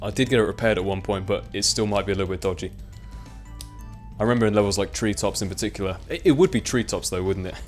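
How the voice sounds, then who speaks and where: Chatty young man, low voice. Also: quick pace, soft background music. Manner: chatty, rambling, self-mocking. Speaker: let's play commentator. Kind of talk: casual gameplay commentary.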